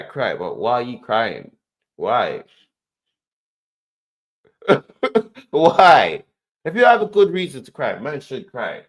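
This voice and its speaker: A man hosting a reaction show, playful in his commentary and given to repeating phrases and acting out scenes. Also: medium pitch. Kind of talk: animated commentary.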